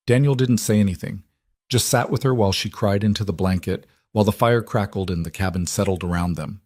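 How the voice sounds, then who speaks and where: A man narrating a scripted story in an even, measured way. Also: on the low side, dry recording, studio quality.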